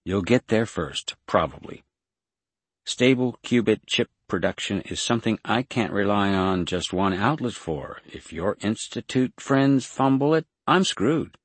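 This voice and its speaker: A man's voice: fairly low pitch, husky, dry recording. A man voicing a gloating, vengeful body thief. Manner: mocking, triumphant. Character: Jason, a vengeful, gleeful man possessing another's body.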